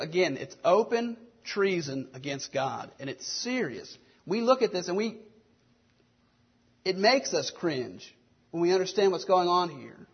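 A man with a high, husky voice preaches an earnest sermon. He drives his points home with strings of rhetorical questions. The recording sounds dull and lo-fi. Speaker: pastor.

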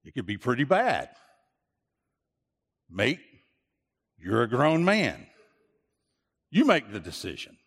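A man's voice: medium pitch, wildly swooping pitch, slow, long pauses, fairly bright tone, husky, heavily acted. A man preacher voicing a blunt Australian friend who warns about sharks, in an echoey church hall. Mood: warning.

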